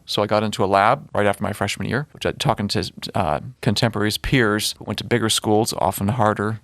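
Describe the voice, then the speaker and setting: A man's voice: on the low side, a bit bright, no room sound, clean studio sound. A man in his forties from Wisconsin with a Wisconsin accent, a guest scientist talking casually in an interview and correcting himself as he thinks aloud. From Wisconsin, USA. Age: 40s.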